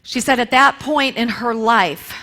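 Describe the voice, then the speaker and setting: A woman speaking at a church service, retelling a story in a lively sermon and acting out the quotes. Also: on the high side, a little slow. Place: church sanctuary.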